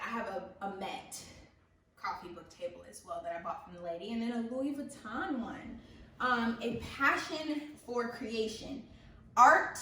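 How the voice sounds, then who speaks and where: A woman talks casually while showing off her apartment, animated and full of sassy asides. Her voice is bright and a bit high. She sits back from the mic in a strongly echoing room with a faint hum of ambience. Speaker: vlogger giving a home tour. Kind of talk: casual chatty apartment tour. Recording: echoey bare room, mic at a distance.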